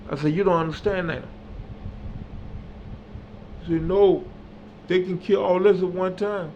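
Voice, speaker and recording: A man telling a personal story as a monologue, acting out the dialogue and building to loud, emphatic peaks. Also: high-pitched, fairly even intonation, measured pace. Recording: slightly dull audio with faint background hum.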